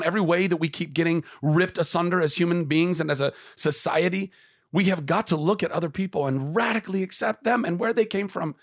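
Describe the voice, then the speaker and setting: Earnest high-voiced man opening up. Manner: earnest and impassioned, restarting phrases as he searches for words. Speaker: podcast guest. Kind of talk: candid conversation.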